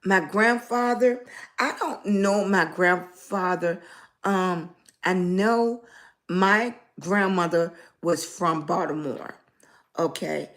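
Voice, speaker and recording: A middle-aged woman with a Southern US accent and a slightly raspy voice, rambling in casual livestream chat and greeting viewers by name. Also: on the low side, slow pace, a bit bright. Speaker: lifestyle blogger live streaming.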